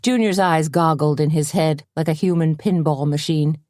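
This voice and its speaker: Woman audiobook narrator, steady storyteller, mellow tone, dry close sound. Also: low-pitched, moderate pace, hardly any pauses, no room sound. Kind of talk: scripted narration.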